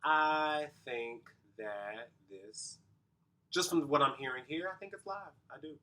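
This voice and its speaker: A man's voice: on the high side, slow pace, sharp tone. A man working as a vocal coach, casually explaining singing technique to viewers at home. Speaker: vocal coach reacting to a performance. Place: home, recorded at night.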